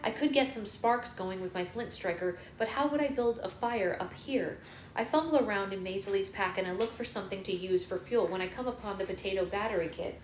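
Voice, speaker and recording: A woman's voice: mid-range voice, a little fast, echoey room, background noise. A woman reading a novel aloud for a livestream book club, narrating steadily in the first person. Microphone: phone.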